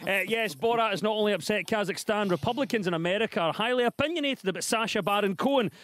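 A man from Scotland hosting a comedy panel quiz, jokey and quick to laugh along with the guests. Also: high voice, fairly bright tone, no room sound. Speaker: quiz show host.

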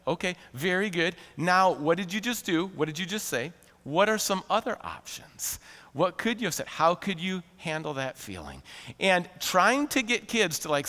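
A man preaching a sermon as pastor, animated and conversational, often laughing and acting out quotes. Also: high voice, in a large hall. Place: church sanctuary.

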